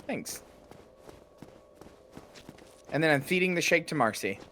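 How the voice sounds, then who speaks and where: A man chatting casually while playing a game, teasing his friend with crude, deadpan dark humor. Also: a little high, a little slow, slight background noise. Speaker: co-host of a game stream.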